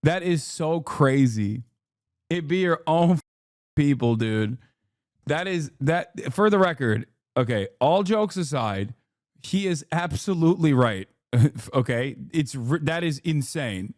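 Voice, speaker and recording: A man giving casual livestream commentary on the news, excitable and profane, swinging into high, incredulous outbursts. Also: measured pace, dry recording, studio quality. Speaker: streamer reacting to news.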